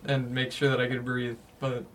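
A man's voice: mid-range voice, completely flat delivery, moderate pace, distant mic. A young man co-hosting a casual podcast chat, laid-back and a bit mumbly. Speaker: podcast co-host.

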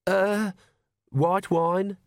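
A bashful young witch, as a male narrator raises his voice for her in a storybook reading. She speaks a little higher than the narrator, halting and mumbling. The sound is dry and close. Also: flat delivery, no echo, full character voice. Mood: hesitant. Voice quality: hesitant, mumbling. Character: shy, awkward young woman witch.

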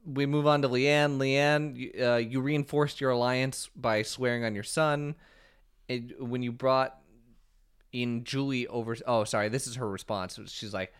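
A man's voice: mid-range voice, steady tone, measured pace, smooth. A man co-hosting a casual recap podcast, retelling events and acting out the players' quotes. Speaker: podcast co-host.

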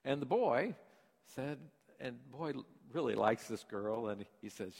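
An older pastor preaches a chatty, folksy sermon and keeps checking in with his listeners. His mid-pitched voice carries through a church sanctuary with a long reverb. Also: lively intonation, unhurried, gravelly, darkish tone. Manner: storytelling, folksy, asks the congregation questions. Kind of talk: conversational sermon.

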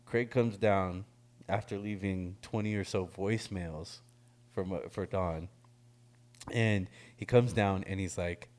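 A middle-aged man telling a story in casual chat, animated, laughing often and swearing freely. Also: deep voice, measured pace.

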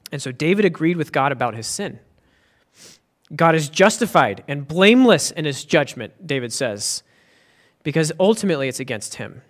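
Male pastor delivering a sermon: high-pitched, earnest, emphatic. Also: fairly bright tone. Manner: earnest and emphatic, with frequent restarts.

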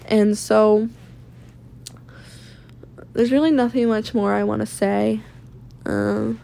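A woman's voice: medium pitch, fairly even intonation, takes it slowly, creaky, dark tone, slight background noise. A woman in her twenties from Maine, venting candidly in a blunt, profane, rambling personal vlog. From Maine, USA. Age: 20s. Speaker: vlogger. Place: rented room at home.

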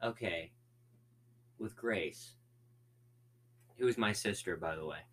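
A man's voice: low-pitched, slow, fairly bright tone. A young man co-hosting a casual podcast, joking and rambling, often repeating words. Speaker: co-host. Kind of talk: casual chat.

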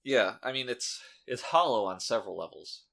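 A man's voice: medium pitch, expressive, normal speed, gravelly, bright, forceful tone. A man co-hosting a podcast in casual chat, talking with dry, sarcastic humor. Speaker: podcast co-host.

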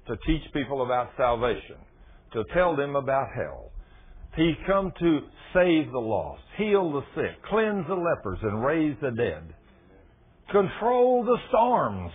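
A man preaching a sermon, telling stories dramatically and swinging from loud exclamations to hushed, low lines. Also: husky. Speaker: pastor. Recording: tinny phone-like sound.

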